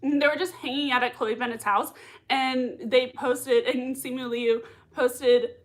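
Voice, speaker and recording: A woman hosting a casual livestream, chatting excitedly and giggling while reading viewer comments. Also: high-pitched, unhurried. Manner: excitable, giggly, many fillers. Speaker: livestream host reacting to a TV show.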